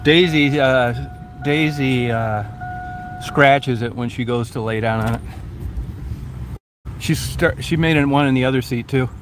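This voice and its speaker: A man's voice: medium pitch, measured pace, pauses often. A man vlogging outdoors at a scenic turnout, chatting and coaxing his dog in a casual way. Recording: noisy outdoor wind and traffic.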